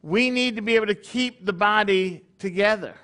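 High, bright-voiced male preacher. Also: normal speed. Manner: conversational, peppered with rhetorical questions. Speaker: congregation leader. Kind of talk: sermon.

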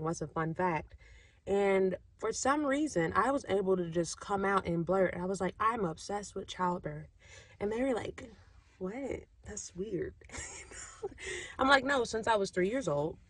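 A young woman vlogging, telling a casual story to the camera and acting out what other people said in a lively way. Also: lowish voice, no room sound. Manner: lively, animated, acts out other people's lines.

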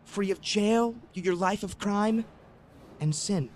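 An eager eighteen-year-old convert, earnest and polite in a radio drama. His voice sits very high, with faint noise under the recording. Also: takes it slowly. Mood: earnest pleading. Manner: earnest, polite, says sir often.

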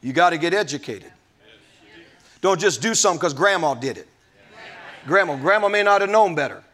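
A man's voice: high-pitched, lively intonation, a little fast, a bit bright. A man preaching a sermon as pastor, emphatic, with folksy asides.

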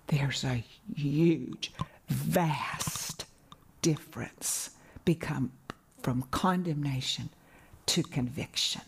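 A woman preacher giving an earnest sermon on a broadcast program, rising in pitch for emphasis and dropping to hushed whispers. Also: breathy edge. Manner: earnest, swings between soaring and hushed whispers. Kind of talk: televised sermon.

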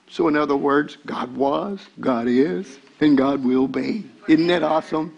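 An older pastor with a drawl delivers a sermon, his voice sitting a little high. He stumbles over repeated words, then swells into shouting as he gets carried away. The recording is dull and lo-fi. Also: a little slow, vocal fry, few pauses.

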